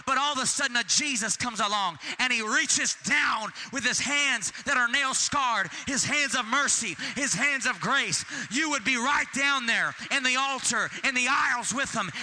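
A male preacher delivering a fervent sermon, repeating phrases and building to shouts. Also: extremely high pitch, big-room sound.

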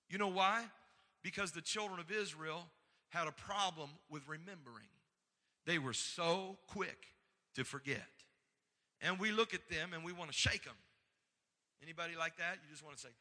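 A male preacher with a high, piercing, brilliant voice delivers a sermon in a church sanctuary. He moves from conversational asides to fervent exhortation, calling on the congregation for amens. His voice carries a long reverb from the hall. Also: unhurried, long pauses, sharp tone.

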